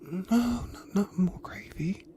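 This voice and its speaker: A man voicing a fussy, indignant vegetarian mother in a high whispered falsetto, as whispered role-play. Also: takes it slowly, dark tone.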